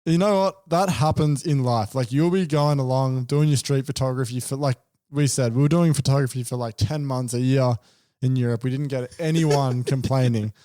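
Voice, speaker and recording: A man's voice: medium pitch, moderate pace, mellow, no room sound, studio quality. A young man co-hosting a podcast, telling a story in casual chat and acting out the dialogue, swearing freely. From Australia. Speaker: podcast co-host.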